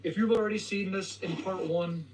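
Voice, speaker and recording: Young guy vlogging, stumbly storytelling, kinda high voice, far off with faint hiss. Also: fairly even intonation, moderate pace. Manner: hesitant, stuttering retelling. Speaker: video host. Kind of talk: storytelling vlog. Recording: video playing from across the room.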